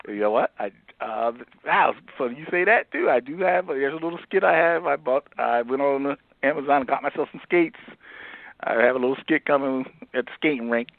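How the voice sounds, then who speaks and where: A man chatting as a comedian guest, animated and laughing often, often trailing off and restarting mid-sentence. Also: medium pitch, normal speed, vocal fry, no room sound. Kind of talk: casual phone interview chat. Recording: tinny phone line.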